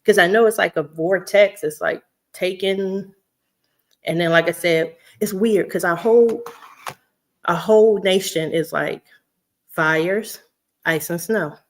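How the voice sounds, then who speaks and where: A woman's voice: lowish voice, unhurried, long pauses. Chatty woman vlogger. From Houston, Texas. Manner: chatty, laughs often, talks straight to her audience. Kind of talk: casual chat to viewers.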